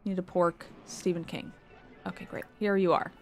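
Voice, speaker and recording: A woman's voice: on the low side, little pitch movement, normal speed. A woman streamer giving casual gameplay commentary, exasperated and swearing, with muttered asides.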